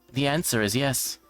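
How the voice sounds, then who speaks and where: A man reading a visual novel aloud, voicing a cold, politely menacing middle-aged male killer with a measured, taunting manner. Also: on the low side, fairly bright tone.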